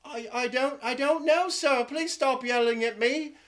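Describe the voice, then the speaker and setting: A frightened little boy calls out in a high, thin, pleading voice. The tone is bright and sharp, and the voice sits well above a grown man's. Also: unhurried. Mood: timid. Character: frightened young boy, timid, tearful.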